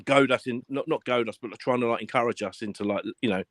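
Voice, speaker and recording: A man telling stories in a casual live-stream chat, animated and full of swearing, acting out what people said. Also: mid-range voice, quick pace, dry recording. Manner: animated storyteller, swears a lot, acts out quotes.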